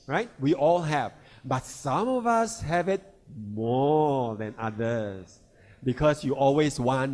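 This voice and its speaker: Slow-talking man giving a health talk. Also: on the high side, darkish tone. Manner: checks in with listeners, asking "right?" and "all right?". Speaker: health presenter. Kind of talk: instructional talk.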